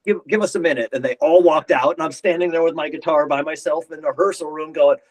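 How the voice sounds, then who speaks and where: Middle-aged guitarist guy, kinda high voice, rambly stories, does everyone's voices when quoting. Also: fast talker, poor audio. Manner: rambling anecdotes, acts out quotes. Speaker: guest guitarist. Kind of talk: casual interview storytelling.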